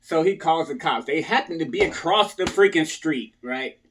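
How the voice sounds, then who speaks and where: A man with a slightly high voice speaks straight to his viewers in a loose, casual storytelling way. He keeps checking in with them after almost every line and jumps into other people's voices to act out what they said. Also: lively intonation, normal speed, fairly bright tone, slight background noise. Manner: talks to viewers, repeatedly tags lines with "right?"; acts out other people's lines in a raised voice. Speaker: storyteller recounting his past.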